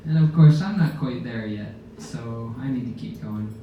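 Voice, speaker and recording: A man casually telling an animated sailing story to a live audience aboard a ship, laughing as he goes. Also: mid-range voice, normal speed, dull audio. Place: lounge aboard a ship, indoors. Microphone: phone camera in the audience. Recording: very echoey room, distant mic, faint background noise.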